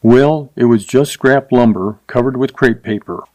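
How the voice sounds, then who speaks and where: A man's voice: medium pitch, normal speed, darkish tone, lightly acted. A man voicing a feisty young woman in her twenties who speaks sharply and accusingly in a storybook reading.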